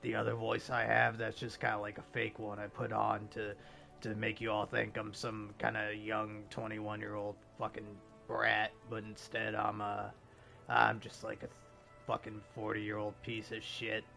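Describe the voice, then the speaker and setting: A man in his forties with a gravelly smoker's voice, giving rambling, self-mocking, profane commentary while streaming a game. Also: fairly low pitch, monotone, a little slow, bright, forceful tone, faint music behind. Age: 40s. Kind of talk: casual gameplay commentary.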